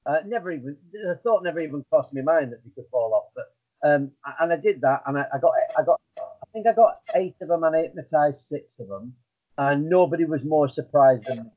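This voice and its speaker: A man's voice: fairly high pitch, lively intonation, a little fast. Man rambling over a tinny line. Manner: rambling, self-deprecating, many fillers and restarts. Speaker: guest hypnotist. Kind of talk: casual storytelling interview.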